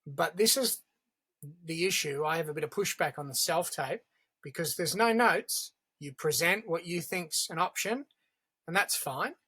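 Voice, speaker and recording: A man, an actor giving measured, emphatic opinions in a casual roundtable chat. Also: fairly high pitch, bright, forceful tone, husky.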